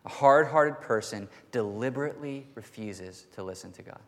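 A man preaching a sermon to his church in an earnest voice that rises to forceful emphasis. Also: mid-range voice, moderate pace. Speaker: pastor. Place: church sanctuary. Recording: long hall reverb.

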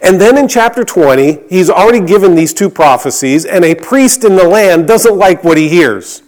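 A man preaching a sermon, reading scripture aloud in an earnest tone and dropping to a hush on key lines. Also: high-pitched, expressive, normal speed. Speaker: pastor.

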